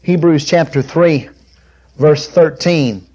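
Guy preaching a sermon, kinda high voice but mellow, gets loud on the verses then goes real soft. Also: slow, highs cut off. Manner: emphatic, builds to loud peaks on scripture quotes; drops soft and low on intimate points.

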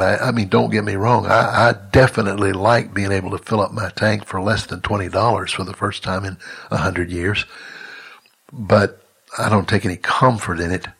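An older man preaches with a husky, somewhat low voice. He talks earnestly and haltingly, stopping and restarting his sentences again and again. It sounds like a monthly teaching message from a ministry leader. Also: a bit bright.

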